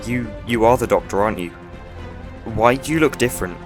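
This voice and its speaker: A man's voice: on the low side, a little fast, music in the background, lightly acted. A man voicing a shaken, wary young schoolteacher in a fan audio drama, asking anxious questions. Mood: urgent.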